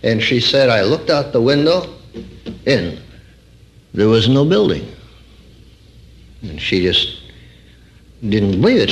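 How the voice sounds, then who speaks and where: An older man preaching a sermon, quoting scripture and telling a story with rising emphasis. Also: fairly low pitch.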